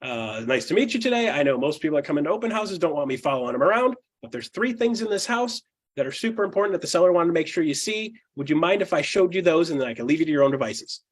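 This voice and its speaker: A man coaching real estate agents in a fast, punchy teaching talk, acting out client dialogue and often adding a quick "okay?" or "right?". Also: on the high side, animated. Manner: fast and punchy, with frequent tag questions.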